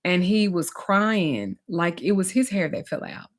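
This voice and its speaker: A woman's voice: lowish voice, lively intonation, measured pace. Woman, spiritual teacher, candid, emphatic, conversational storytelling. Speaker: spiritual teacher and life coach. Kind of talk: personal storytelling lesson.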